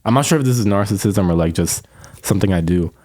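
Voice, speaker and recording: Young guy w a really deep low voice, goofy rambly podcast chat, lots of likes and ums. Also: expressive, fast, darkish tone. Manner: joking, self-mocking, rambling with many fillers. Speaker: podcast co-host. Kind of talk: casual chat.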